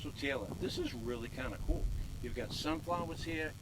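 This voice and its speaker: A man's voice: fairly high pitch, a little fast, noisy background. An older man hosting a garden show outdoors on a farm, casual, playful and self-mocking.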